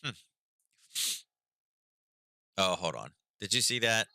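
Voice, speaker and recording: A man with a low-set but very bright, forward voice, chatting through market news in a loose, sarcastic way. He sounds worn out from being sick, with frequent ums and a dry, close sound. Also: very animated, slow, no echo, low-quality recording. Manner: sarcastic, laid-back, lots of ums. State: recovering from illness, yawning. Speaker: trading stream host. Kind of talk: casual market commentary.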